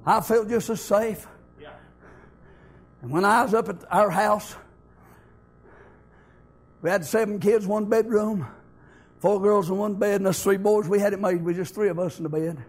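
Husky, high-voiced preacher man. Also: steady tone, normal speed, long pauses. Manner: rises from storytelling to shouted, impassioned preaching. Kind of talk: fervent sermon with personal stories.

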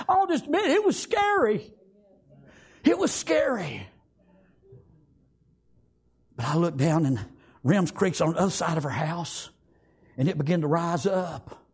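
A man preaching an emotional sermon in folksy rural grammar. He swings from loud pleading to hushed tones. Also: high-pitched, breathy edge.

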